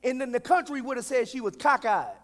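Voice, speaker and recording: A man's voice: extremely high pitch, animated, fairly quick. A male pastor delivering a humorous sermon, calling out for the congregation to answer back. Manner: humorous, call-and-response preaching. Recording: echoey hall.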